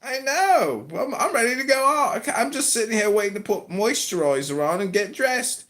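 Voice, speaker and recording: A man hosting a live stream, mocking and teasing his viewers in a loud, rambling, profane way. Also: very high voice, big pitch swings, normal speed.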